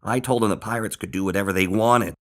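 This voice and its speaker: A man's voice: lowish voice, quick pace, pitched above the performer's own voice, lightly acted. A man voicing a playful male hedgehog who pretends to be a pirate captain, talking in a bold, theatrical way. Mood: warm. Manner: bold, theatrical, bellowing orders.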